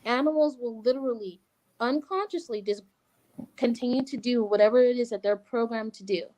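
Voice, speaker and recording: A woman's voice: fairly high pitch, fairly quick, poor audio. Upbeat woman podcast host. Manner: animated, affirming, says "like" and "right?" often. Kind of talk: casual chat.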